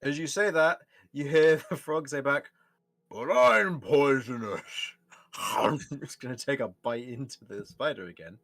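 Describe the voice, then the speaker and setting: A young man running a tabletop game in an easy, unhurried way. His voice sits at an ordinary middle pitch, and he often laughs and circles back mid-sentence. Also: a bit bright, no echo. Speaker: game master.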